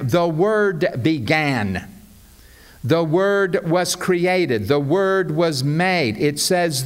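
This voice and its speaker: A man preaching a sermon as pastor, explaining scripture with emphatic, deliberate delivery. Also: fairly high pitch.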